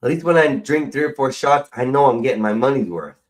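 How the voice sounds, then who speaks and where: A middle-aged American man ranting casually on a live stream, profane and rambling, his voice jumping between loud bursts and mumbles. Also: mid-range voice, fairly quick, low-quality recording. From United States.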